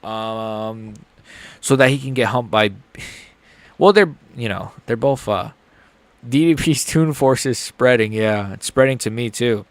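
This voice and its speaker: A young man streaming a live fight reaction, excitable, joking and profane. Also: mid-range voice, a little slow, dry recording.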